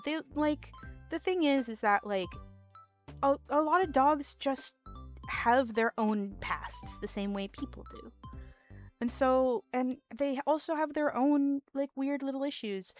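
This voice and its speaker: A woman streamer chatting casually with her live chat, rambling and giggling often with lots of "like". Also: on the high side.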